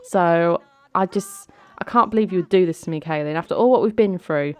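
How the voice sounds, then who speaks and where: Jilted groom, livid and hurt, voiced by a woman streamer, quick accusing delivery, low voice. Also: dry recording, lightly acted. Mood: angry, hurt. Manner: indignant, accusing, rapid. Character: heartbroken man jilted at the altar, furious.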